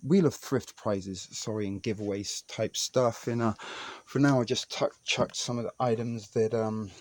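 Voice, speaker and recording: A man's voice: fairly low pitch, steady tone, moderate pace. A man vlogger talking casually and rambling off the cuff at home, with some mild swearing. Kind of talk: casual vlog narration. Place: small indoor home space.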